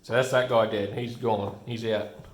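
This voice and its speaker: A man's voice: on the low side, steady tone, normal speed. A man casually reviewing a comic book, rambling with many restarts and frequent chuckles. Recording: roomy room echo.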